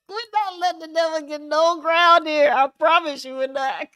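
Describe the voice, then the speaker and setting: A woman hosting a casual livestream, chatting and laughing with viewers in an animated, hyped-up way. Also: high voice, slow pace. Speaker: livestream host.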